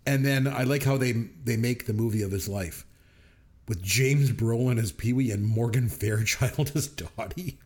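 A man with an ordinary mid-range voice talks through favorite movie moments with plain enthusiasm. He slips into quick quoted voices as he recaps each scene, keeping a casual, friendly podcast tone. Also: mid-range voice, a little mellow. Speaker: podcast co-host. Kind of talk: casual movie review chat.

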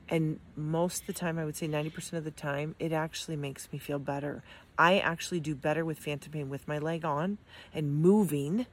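A woman's voice: low-pitched, steady tone, brisk, a little hiss or hum. Earnest encouraging middle-aged woman. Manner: earnest, encouraging, with frequent ums and restarts. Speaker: amputee sharing her experience. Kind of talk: heartfelt motivational talk to camera.

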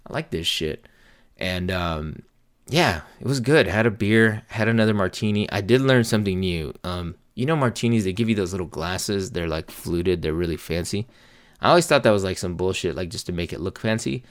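A man's voice: sits low, expressive, fairly quick, dry recording, studio quality. A man in his forties telling a rambling, profane bar story in a casual way. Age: 40s. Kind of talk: casual anecdote.

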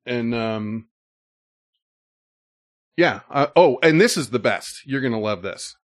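A man's voice: medium pitch, lively intonation, slow pace, dry recording, studio quality. A man hosting a casual chat, telling rambling stories with many fillers.

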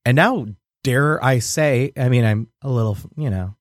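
This restaurant owner's mid-range voice moves at a moderate clip, recorded dry and at studio quality. Chatting on a radio show, he's an animated storyteller who laughs often and does voices for the characters.

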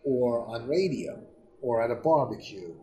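A middle-aged man spins profane, animated stories. His voice rings a little in a roomy studio with a faint hum underneath. His pitch sits in a middle range. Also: a little slow, far from the mic. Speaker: comedian guest. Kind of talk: casual storytelling.

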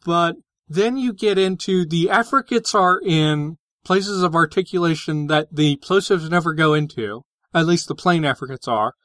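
A man's voice: on the high side, normal speed, few pauses, fairly bright tone, dry recording. A man co-hosting a podcast, explaining linguistics in a casual, hesitant way with many fillers and restarts. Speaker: podcast co-host.

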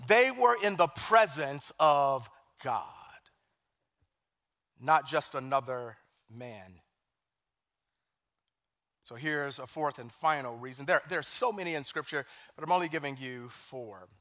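A man preaching a sermon as pastor, animated, swinging from hushed scripture quotes to loud emphasis. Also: a little high, unhurried, long pauses. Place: church sanctuary.

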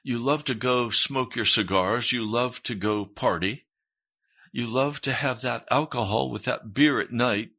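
Male pastor preaching slowly with a husky, bright edge, earnest and emphatic. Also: medium pitch. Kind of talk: sermon.

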